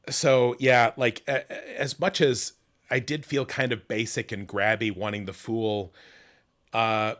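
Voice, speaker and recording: A middle-aged man hosting a casual livestream interview, rambling with many fillers and restarts and telling stories with animated voices. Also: mid-range voice. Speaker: host.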